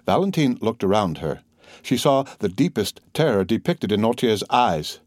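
A man narrating a classic novel as an audiobook in a steady, measured way. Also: on the low side, no room sound, clean studio sound.

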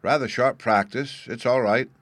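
A gentle, unbothered ruler speaks mildly in a slightly raised voice, as a male reader does him. He shrugs off trouble in a calm storybook reading. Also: medium pitch, unhurried, no room sound, pitched above the performer's own voice, close to an everyday voice. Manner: mild and unconcerned. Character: mild, easygoing male warden, gentle ruler.

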